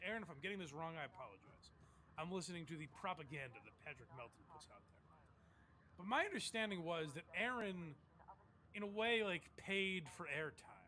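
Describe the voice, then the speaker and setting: Male host, high and lively voice, rambling and profane, reacting to clips on stream. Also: brisk. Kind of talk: casual commentary on clips.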